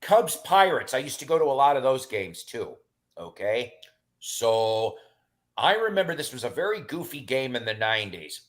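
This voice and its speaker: A man's voice: medium pitch, normal speed. A middle-aged man rambling through casual stories in a chat, with lots of fillers and restarts. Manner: rambling and animated, with many fillers.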